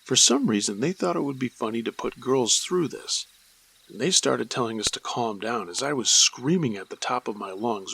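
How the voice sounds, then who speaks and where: A man narrating a true scary story in the first person, his reading measured and steady. His voice is gravelly with a worn, husky edge at a middling pitch. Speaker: storyteller and host.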